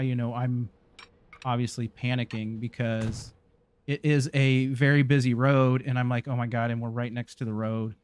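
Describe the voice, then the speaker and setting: A man with a mid-range, clean-toned voice hosts a gaming channel, telling a rambling story as he plays. His casual storytelling is full of restarts and fillers.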